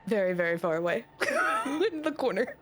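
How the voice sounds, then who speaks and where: A woman's voice: medium pitch, wildly swooping pitch, moderate pace. A woman voicing a jittery young woman adventurer who carries a cleaver, in a tabletop role-play, talking nervously and hesitantly.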